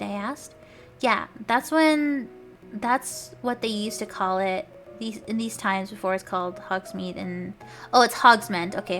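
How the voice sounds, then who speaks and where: A woman's voice: medium pitch, unhurried, gravelly, faint music behind. A woman streamer reading fan fiction aloud with commentary, stumbling over words, laughing and swearing as she goes.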